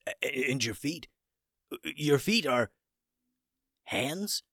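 A man's voice: medium pitch, expressive, brisk, a bit bright, slightly rough, dry recording, studio quality, pitched above the performer's own voice. A man voicing an old male wizard who is clumsy but kindly and talks in a fretful, stammering way.

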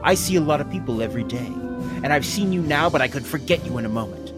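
A man's voice: on the high side, animated, over loud music, lightly acted. A man doing a slick, pushy talent agent. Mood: persuasive. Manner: fast, slick salesman patter. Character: smooth-talking male talent agent, pushy schmoozer.

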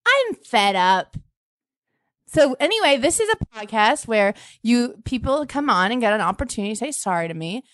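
A woman hosting a comedy podcast, playful and jokey, rambling through quick asides. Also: mid-range voice, no echo, studio quality. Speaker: podcast host. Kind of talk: comedic podcast chat and sung bit.

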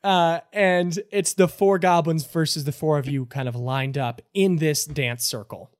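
A man's voice: fairly high pitch, fairly even intonation, measured pace, no echo, clean studio sound. A man narrating as game master in a tabletop role-playing game, loose and full of fillers.

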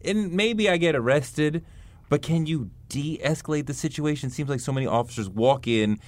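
A man's voice: a little high, normal speed. A man hosting an interview, asking thoughtful, probing questions in a conversational way. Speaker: podcast host.

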